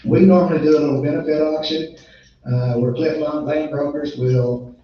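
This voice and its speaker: A man running a land auction, his voice a little strained, switching between plain folksy announcements and a rapid rhythmic bid chant. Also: fairly high pitch, steady tone, slight background noise. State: strained voice from illness. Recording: echoey muffled room recording from a distance.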